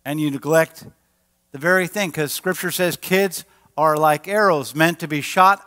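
A man, a pastor, preaching a sermon in a lively, animated way and acting out quoted voices. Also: on the high side, measured pace. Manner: animated, acts out quotes with a raised voice. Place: church sanctuary. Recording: large church hall with long reverb.

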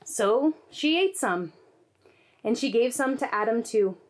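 A woman's voice: a little high, expressive, a little slow. A woman leading a children's message in an online church service, telling a Bible story.

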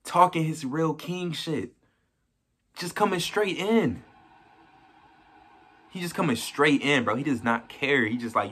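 A man hosting a music reaction, talking fast and excited in slang and repeating his points over and over. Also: on the high side, slightly rough. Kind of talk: hyped reaction commentary. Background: faint hip hop track playing.

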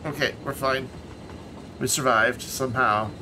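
A man's voice: medium pitch, unhurried, noisy background. Laid-back rambling male streamer. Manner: relaxed, rambling, trails off into muttered asides. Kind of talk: casual live-stream commentary while playing a city-building game.

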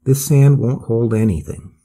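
A man's voice: mid-range voice, normal speed, lightly acted. A man voicing a practical, jolly, unflappable Swedish traveler in an audiobook, blunt and matter-of-fact. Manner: blunt and matter-of-fact, excitable when startled. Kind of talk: audiobook character voice.

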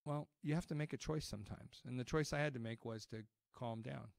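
A man's voice: mid-range voice, a little fast, vocal fry, no room sound. Conversational male pastor, dry sound. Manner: conversational storytelling preaching with repeated restarts. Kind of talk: sermon.

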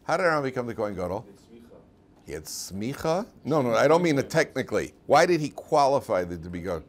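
A man leads a lively Torah class as a rabbi, at an ordinary middle pitch. He talks animatedly, acts out little scenes for his students and laughs often. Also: quick pace.

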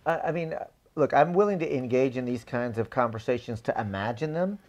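A man's voice: medium pitch, brisk, darkish tone. A man guest in a political interview, speaking with passion and building his points through repeated phrases. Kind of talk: impassioned conversational speech.

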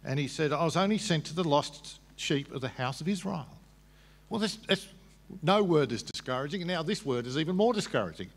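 A man's voice: fairly high pitch, animated, fairly quick, husky. A man at a public debate, explaining scripture patiently, with frequent restarts. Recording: long hall reverb.

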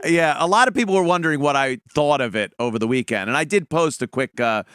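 A man hosting a call-in radio show, talking in a profane, animated, mocking way. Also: fairly high pitch, fast, clean tone, no echo, studio quality. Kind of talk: casual call-in talk.

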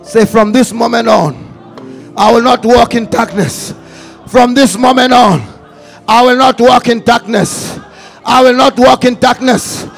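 A male preacher shouting repeated prayer declarations and leading the congregation in a sermon. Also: very high-pitched, fairly even intonation, measured pace, creaky, faint music behind.

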